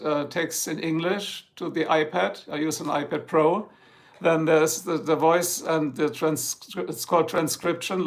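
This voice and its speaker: A man's voice: on the high side, creaky. A man with a heavy German accent, German his native language, chatting casually and rambling jokily on a home livestream. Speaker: livestream host. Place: home, Ohio.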